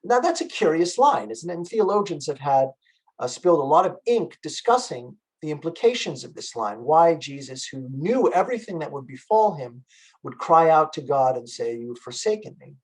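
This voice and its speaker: A man gives a lecture over a video call, his voice sitting a little high for a man. He explains patiently and methodically, often pausing with fillers as he gathers his thoughts. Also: sing-song, breathy edge, poor audio. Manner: explanatory, measured, with frequent fillers. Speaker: music lecturer. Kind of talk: online lecture.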